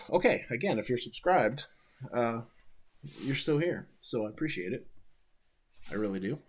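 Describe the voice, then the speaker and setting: A man's voice: mid-range voice, expressive, measured pace, vocal fry, pauses often, slightly rough. A man from Ohio, speaking, chatting casually and rambling on a livestream while answering viewer questions. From Ohio, USA. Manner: laid-back, rambling, swears freely. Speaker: wrestler streaming and watching his matches.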